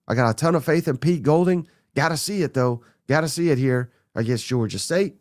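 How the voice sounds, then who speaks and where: Man, podcast host, slightly high voice, blunt and excitable, close dry mic. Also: no echo. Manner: blunt, excitable, runs through names rapid-fire. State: a little under the weather. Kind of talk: casual sports talk monologue.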